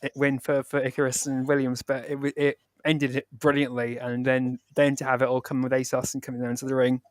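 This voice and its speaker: A man's voice: mid-range voice, completely flat delivery, a little fast, no room sound. A man co-hosting a wrestling review podcast, agreeing readily and stumbling over his words. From United Kingdom. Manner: stammering, agreeable back-and-forth. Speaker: podcast co-host. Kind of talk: casual wrestling review chat.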